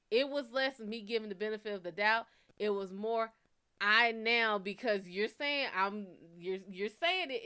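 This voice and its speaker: A woman's voice: on the high side, smooth. A woman hosting a live show, casually telling a blunt, profane dating story and acting out the quoted lines. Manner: candid, profane, animated storytelling with quoted dialogue. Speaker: psychic reader host.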